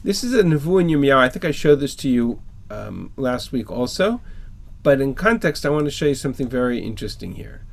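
A man's voice: mid-range voice, sing-song, fairly quick, creaky. A man teaching a text-study class over a video call, reading verses and then explaining them with emphatic rhetorical questions.

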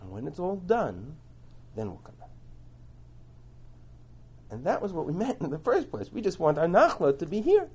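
A man teaching a Torah class, explaining and translating verses in an animated way, on a dull lo-fi recording. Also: sits high, normal speed, pauses often, breathy edge.

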